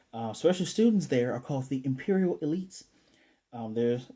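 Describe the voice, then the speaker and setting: Mellow American male host, loose rambling anime recap full of fillers. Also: medium pitch. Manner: rambling, many fillers and self-corrections. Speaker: anime reviewer. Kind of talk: casual episode review.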